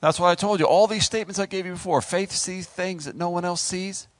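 A man preaching a sermon in an animated, conversational way, joking with the congregation. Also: high voice, fairly quick, no echo.

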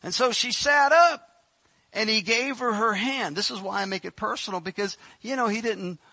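Jokey preacher, bright voice. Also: male voice, high-pitched, moderate pace, dry recording. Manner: jokey, animated, acts out Bible scenes. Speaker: pastor. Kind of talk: sermon.

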